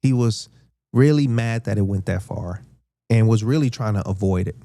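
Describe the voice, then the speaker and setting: A man's voice: fairly low pitch, moderate pace, dark tone, no room sound. A man in his fifties hosting a podcast and telling a story in a laid-back, slangy way, acting out the quotes. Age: 50s. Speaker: podcast host. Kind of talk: casual storytelling.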